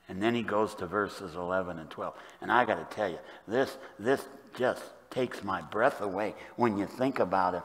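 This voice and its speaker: An older man preaching a sermon as pastor, moving from hushed, quiet passages to loud, emphatic ones. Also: mid-range voice, measured pace. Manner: dynamic, swings from hushed to loud emphatic delivery. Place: church sanctuary. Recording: long church reverb.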